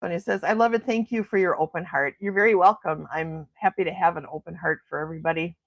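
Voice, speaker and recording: A woman's voice: on the low side, fairly even intonation, fast talker, dry recording, dull audio. A middle-aged woman hosting a casual morning livestream chat, gushing and laughing often as she reads viewer comments. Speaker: livestream host.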